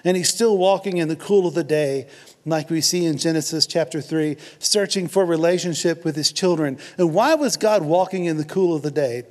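A man's voice: a little high, normal speed, a little mellow. A man preaching a sermon in an earnest, conversational way, with jokes and asides to the congregation. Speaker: pastor.

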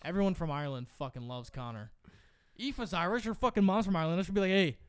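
A young man talks quickly and eagerly through a profane podcast chat. The sound is dry and close, with no room echo. His voice sits a bit high for a man. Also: clean tone. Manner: fast, profane, excitable banter. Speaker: podcast co-host. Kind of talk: casual podcast chat about fighting.

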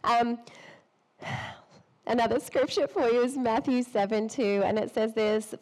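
A woman's voice: a little high, measured pace, long pauses, darkish tone, poor audio. A woman with a cold, preaching to women in a chatty, self-deprecating way, laughing often and sometimes losing her thread. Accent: a noticeable non-local accent. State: has a cold. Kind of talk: sermon.

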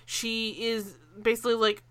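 Animated high bright-voiced woman. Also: normal speed, smooth. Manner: animated, laughing, swears freely. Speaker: podcast co-host. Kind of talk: casual TV recap chat.

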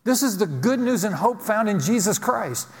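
Male pastor, fairly high voice, emphatic sermon with repeated refrains, long hall reverb. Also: animated, normal speed. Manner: emphatic preaching with repeated phrases, ending in a quieter prayer.

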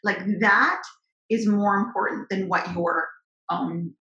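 A woman's voice: medium pitch, bright, forceful tone, dull audio. A woman co-hosting a podcast from her office, earnest and reflective in casual chat. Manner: earnest and reflective, fast run-on sentences. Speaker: podcast co-host. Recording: echoey office room.

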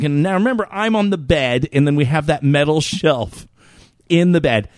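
A man's voice: fairly high pitch, normal speed, dry recording, clean studio sound. A young man on a podcast, telling a story animatedly and swearing now and then. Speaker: podcast co-host. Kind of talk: casual chat.

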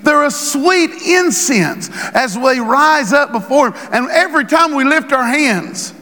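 Man, pastor, sermon, very high voice, rising shouted emphasis, church echo. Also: animated, measured pace. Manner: preaching with rising shouted emphasis and quoted scripture. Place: church sanctuary.

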